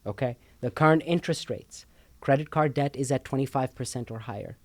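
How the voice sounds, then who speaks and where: A man's voice: mid-range voice, brisk, no room sound. A man co-hosting a casual talk show, explaining finances emphatically, repeating words and checking in with "okay?" a lot.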